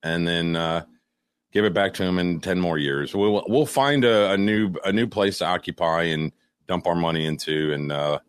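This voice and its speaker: A man's voice: low voice, fairly even intonation, moderate pace, clear, resonant tone, no echo. A man co-hosting a podcast in casual comedic chat, making dry, wisecracking remarks. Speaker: podcast co-host.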